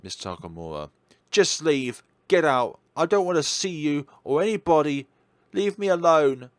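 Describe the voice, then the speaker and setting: A man voicing a frightened young woman in a horror game, loud and pleading. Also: sits low, steady tone, brisk, no room sound, pitched below the performer's own voice. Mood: angry, scared.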